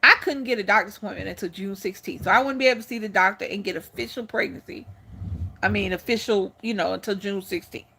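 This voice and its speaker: Woman, livestream host, casual storytelling, candid, animated, curses freely, bright forceful tone. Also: medium pitch, fast, vocal fry, slightly rough. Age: older for a first pregnancy. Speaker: channel host.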